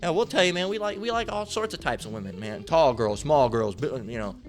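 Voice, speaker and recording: A lay Bible teacher gives a casual, profane Bible lesson, rambling, using slang, and swearing freely. His voice is on the high side and animated, his pace a little fast, with faint music in the background.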